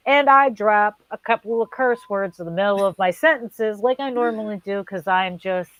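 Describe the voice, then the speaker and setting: A woman's voice: medium pitch, normal speed, no echo, rough recording. A woman co-hosting a casual chat, telling a funny story with lots of swearing and acted-out voices. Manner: animated storyteller, swears freely, acts out voices. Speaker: co-host.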